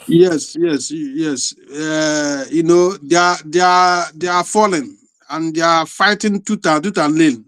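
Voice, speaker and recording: A man with a Nigerian accent calling in to a live talk show, speaking haltingly with many hesitations. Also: fairly high pitch, fairly bright tone, smooth, dry recording. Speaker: caller.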